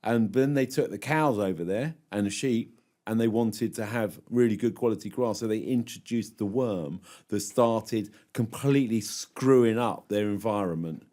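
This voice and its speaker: A man's voice: fairly low pitch, moderate pace, dark tone. A man co-hosting a gardening podcast, chatting casually and teasing his co-host with jokes. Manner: jokey, teasing, laughs often.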